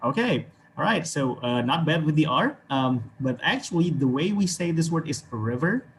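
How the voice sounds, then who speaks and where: A man's voice: fairly high pitch, expressive, moderate pace, slight background noise. An Indonesian man with an Indonesian accent teaching an English class over a video call, encouraging and chuckling often as he explains.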